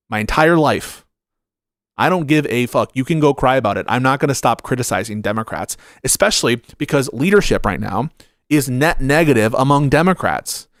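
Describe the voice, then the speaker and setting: A man's voice: mid-range voice, no room sound, clean studio sound. Blunt, profane male political streamer. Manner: blunt and profane, rambling while searching comments. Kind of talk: livestream commentary reading chat.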